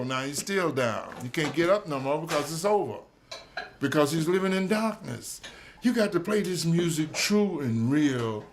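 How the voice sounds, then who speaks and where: A man's voice: fairly high pitch, lively intonation, moderate pace, slight background noise. A man in his seventies, a jazz musician, telling old stories in a streetwise, profane way and often asking "you dig?". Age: 70s. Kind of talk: storytelling recollection. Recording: roomy echo with faint music behind.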